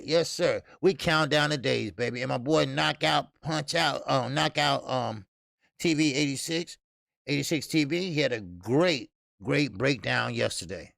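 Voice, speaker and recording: A man's voice: a little high, creaky, a bit bright, no echo, clean studio sound. A man hosting a casual boxing livestream, loose and profane, greeting viewers in the chat and laughing often. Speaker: host of a boxing talk stream.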